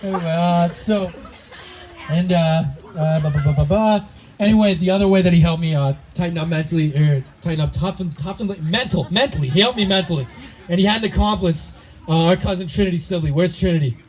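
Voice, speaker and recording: A man's voice: sits high, a little fast, a little mellow. A young man giving a rambling, joking wedding toast for his brother, slightly tipsy and laughing often as he talks into a handheld mic. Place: wedding reception party. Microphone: handheld microphone. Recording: noisy party crowd. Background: crowd chatter and laughter.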